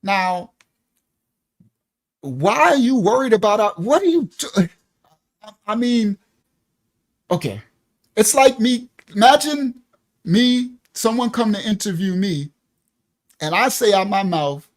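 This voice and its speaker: Animated man hosting a reaction stream. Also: high-pitched, unhurried, pauses often. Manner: animated, laughs often, repeats words. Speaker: live stream host. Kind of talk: casual reaction commentary.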